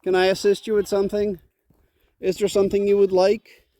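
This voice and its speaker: A farm vlogger with a high, mellow voice talks a little fast with a completely flat delivery, and there's no room sound. Outdoors by a goat pen, he chats casually to the camera and his animals, playfully scolding the goats in a teasing sing-song, with faint wind and goat bleats in the background.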